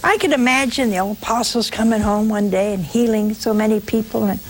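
A woman's voice: medium pitch, moderate pace, few pauses, a little hiss or hum, low-quality recording. A woman preaching a sermon in a folksy, humorous way, acting out the scripture stories as she goes.

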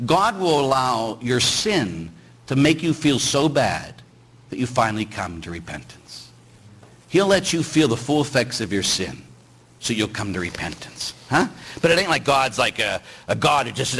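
A man's voice: medium pitch, fairly bright tone, husky, low-quality recording. A middle-aged man, a priest, preaching a sermon with rhetorical questions and acted-out voices. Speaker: Catholic priest.

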